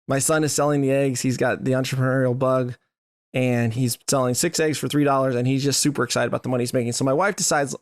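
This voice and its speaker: A man hosting a podcast, giving an animated motivational monologue that keeps checking in with the listener. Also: medium pitch, dry recording, clean studio sound. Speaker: podcast host.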